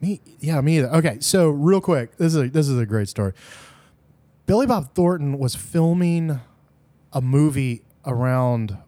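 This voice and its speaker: A man's voice: on the high side, expressive, moderate pace, dark tone, dry recording. Southern man, podcast co-host, chatty, laughs a lot, dry close mic. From Louisiana. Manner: chatty, laughs often, breaks into a broad put-on Southern movie drawl. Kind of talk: casual movie chat.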